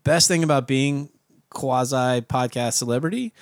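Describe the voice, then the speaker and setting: A man's voice: mid-range voice, moderate pace, dry recording, clean studio sound. Rambling, cursing male podcast guest. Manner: rambling storyteller, swears freely. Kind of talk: casual podcast chat. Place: home podcast setup.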